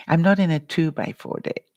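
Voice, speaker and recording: A woman's voice: sits low, darkish tone, dry recording. A woman vlogger giving an earnest, encouraging live-stream pep talk and calling viewers by name. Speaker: life coach vlogger.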